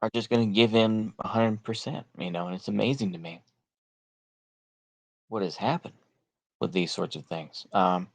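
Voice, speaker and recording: A man with a Texan accent talks in a rambling, off-the-cuff monologue, full of fillers and verbal tics. He is blunt and sarcastic and swears freely, and his voice sits a bit on the low side. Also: moderate pace, pauses often. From United States. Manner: rambling, many fillers and repeated "like I say". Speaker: political commentary vlogger. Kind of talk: casual monologue.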